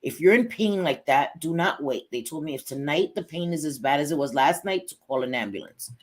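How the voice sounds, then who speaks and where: A woman's voice: low-pitched, lively intonation, brisk. A middle-aged woman hosting a casual livestream, chatting bluntly, swearing freely and greeting viewers by name. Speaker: livestream host.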